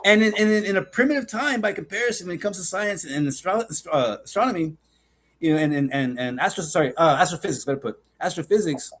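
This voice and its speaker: A man's voice: high-pitched, fast talker, fairly bright tone. A man co-hosting a casual podcast, rambling with stammered restarts, swearing and getting worked up. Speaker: podcast co-host. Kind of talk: casual profane podcast chat.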